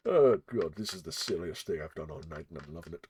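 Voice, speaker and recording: A man's voice: sits low, expressive, fast, hardly any pauses, a little mellow, husky. A man streaming as game master, chatting casually before the session, rambling and self-mocking, joking and swearing freely.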